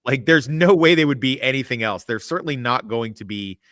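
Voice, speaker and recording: A man's voice: mid-range voice, expressive, brisk, fairly bright tone, no echo, studio quality. A man hosting a casual podcast chat, rambling and cursing freely while he gives blunt opinions. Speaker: podcast host. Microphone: remote call mic.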